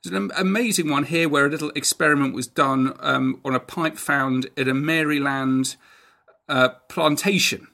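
A man's voice: on the high side, normal speed, vocal fry, pushed and bright. A man co-hosting a casual chat, explaining with enthusiasm and some restarts. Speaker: podcast co-host.

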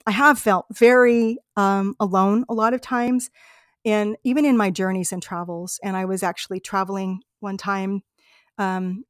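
A woman's voice: medium pitch, dry recording, studio quality. A woman hosting a podcast, telling personal travel stories in an earnest, heartfelt, reflective way. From United States. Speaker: podcast host. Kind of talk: personal storytelling monologue.

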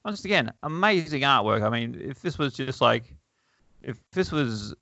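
Gravelly, bright-voiced man chatting wryly. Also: medium pitch, lively intonation, moderate pace, no room sound. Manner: wry, chuckling, lots of fillers. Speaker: podcast host. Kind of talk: casual chat reading a comic aloud. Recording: dull lo-fi, dry.

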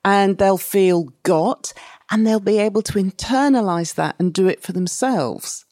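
A woman psychotherapist explaining parenting ideas in a relaxed interview, with an animated way of talking. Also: medium pitch, measured pace, dry recording, clean studio sound. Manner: animated, acts out children's and parents' voices in quotes. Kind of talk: conversational podcast interview.

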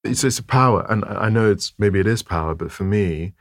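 A man's voice: fairly low pitch, fairly quick, gravelly, no echo, clean studio sound. A man, a photographer telling a story thoughtfully in an interview and often repeating words as he gathers his thoughts. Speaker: photographer guest.

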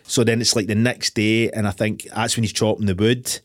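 Fast-talking Scottish man, low voice. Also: no echo, clean studio sound. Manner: swearing, animated retelling of scenes. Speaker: podcast host. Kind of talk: casual film chat.

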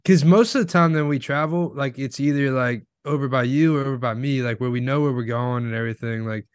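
Casual male co-host, rambling delivery, middle pitch, dry dead room. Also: fairly quick, smooth, no echo. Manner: rambling, heavy use of filler words. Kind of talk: casual chat.

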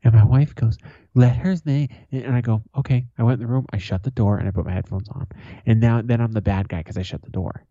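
A man in his thirties co-hosts a podcast, trading casual banter, telling profane stories and laughing often. His lowish voice is warm and fast. The recording is dry, dull and lo-fi.

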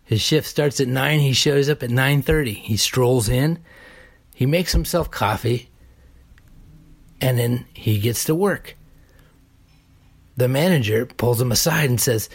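A man preaching a sermon deliberately, building emphasis through repeated phrases. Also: medium pitch, creaky, slightly rough. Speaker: pastor.

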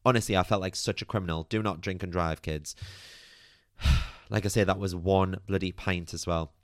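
A man's voice: deep voice, fairly even intonation, moderate pace, dry recording, clean studio sound. A man hosting a podcast, telling a personal story in a chatty, candid way full of "like" and the odd swear. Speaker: podcast host.

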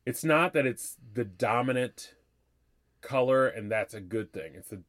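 A man in his thirties, co-hosting a casual podcast and giving his opinions in an animated, rambling way. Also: mid-range voice, a little slow. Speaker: podcast co-host. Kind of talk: casual chat.

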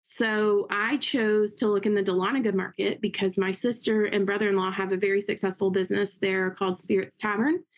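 A woman's voice: mid-range voice, flat delivery. Upbeat woman telling her story. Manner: upbeat, quick storytelling with acted quotes. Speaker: interview guest, realtor and investor. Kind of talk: casual interview talk.

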